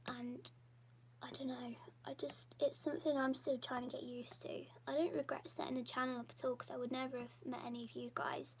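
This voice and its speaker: Soft-spoken woman, half-whispering. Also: sits high, level tone, a little fast, slight background noise, low-quality recording. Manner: drawing while she talks. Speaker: YouTuber and artist. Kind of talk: casual live-stream Q&A chat.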